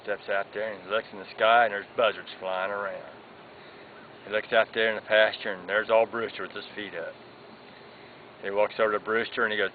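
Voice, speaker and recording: A man telling a long folksy joke in a drawn-out storytelling manner. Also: lowish voice, little pitch movement. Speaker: joke teller. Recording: tinny lo-fi sound with faint background noise.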